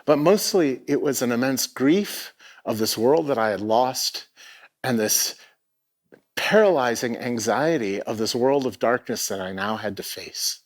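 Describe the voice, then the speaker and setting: A man's voice: medium pitch, lively intonation, a little slow. A middle-aged man giving a personal storytelling talk on a theatre stage, reflective and given to hesitant restarts. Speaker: keynote speaker. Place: theatre stage before a live audience.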